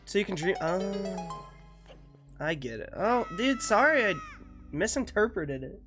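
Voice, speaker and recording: A man's voice: sits high, lively intonation, unhurried. Laid-back swearing streamer, young man. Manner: laid-back, swears often, laughs a lot. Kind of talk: casual chat with viewers. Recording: faint music behind.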